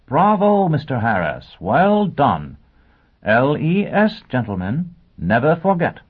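A man's voice: huge pitch swings, slow pace, breathy edge, heavily acted. A man voicing a prim, scatterbrained female teacher in an audiobook, genteel and flustered. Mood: fussy, genteel. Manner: genteel, flustered, high lilting delivery. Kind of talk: audiobook character voice. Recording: tinny phone-like sound.

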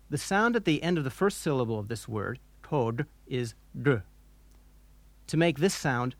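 A man narrating a scripted language lesson, pronouncing harsh guttural words slowly and deliberately for the listener to repeat. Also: medium pitch, dry recording. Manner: slow, deliberate pronunciation drills with harsh guttural sounds. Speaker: language instructor.

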